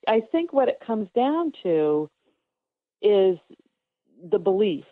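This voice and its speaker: Calm woman medium on a phone line. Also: mid-range voice, no room sound. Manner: calm, reassuring, explains slowly with fillers. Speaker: spiritual medium guest. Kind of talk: casual radio interview.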